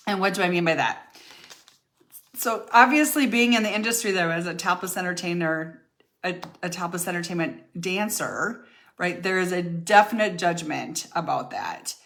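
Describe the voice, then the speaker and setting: A woman's voice: lowish voice, moderate pace, vocal fry, fairly bright tone. An older woman telling her own life story to her followers in a chatty, candid way, full of fillers and restarts. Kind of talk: casual storytelling to camera.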